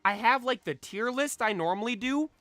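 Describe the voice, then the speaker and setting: A young man streaming casually, chatting excitedly and belting out theme songs. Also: extremely high pitch, moderate pace, no echo. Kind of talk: casual chat while shiny hunting.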